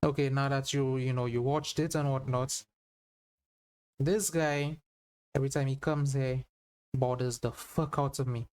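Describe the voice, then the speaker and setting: A man's voice: medium pitch, steady tone, unhurried, long pauses, darkish tone, clear, resonant tone. A man chatting casually to viewers in a rambling way, full of fillers. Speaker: YouTuber. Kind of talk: casual video intro chat.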